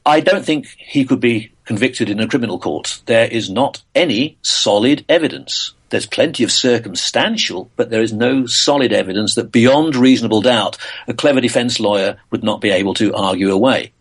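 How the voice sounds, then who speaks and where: An older man from England talks through his answers as a guest on an interview show. His pitch sits in the middle of the range for a man, and he speaks in a thoughtful, halting way, with frequent uhs and small restarts. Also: slightly rough. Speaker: physicist and author guest.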